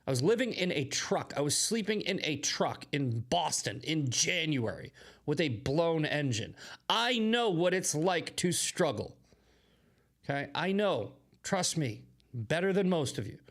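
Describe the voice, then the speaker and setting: A man's voice: fairly high pitch, very animated, a little slow, fairly bright tone. A man hosting casual political commentary, blunt and conversational, often checking in with "okay". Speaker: host.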